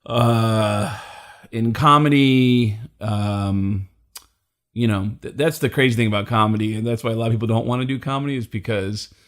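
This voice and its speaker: A man's voice: fairly low pitch, normal speed. A middle-aged man, a guest comedian, telling stories in casual chat and acting out the people he quotes. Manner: animated storyteller, acts out the people he quotes. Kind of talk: casual storytelling.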